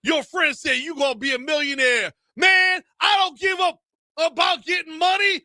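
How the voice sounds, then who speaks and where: A man voicing a panicked young accident victim from an over-the-top ad, shouting melodramatically. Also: very high-pitched, steady tone, normal speed, no room sound, clean studio sound, pitched above the performer's own voice, exaggerated voice. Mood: anguished.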